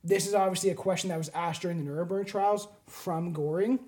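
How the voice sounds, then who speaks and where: A man from Canada with a notably high speaking voice rambles through a casual podcast conversation. He is animated and swears freely, jumping from point to point. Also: brisk.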